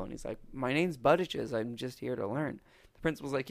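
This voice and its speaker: A man on a podcast, rambling through a long joke and acting out the characters in quick quoted voices. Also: mid-range voice, gravelly, dry recording. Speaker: podcast co-host. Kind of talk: casual chat, retelling a movie and a joke. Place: podcast recording setup.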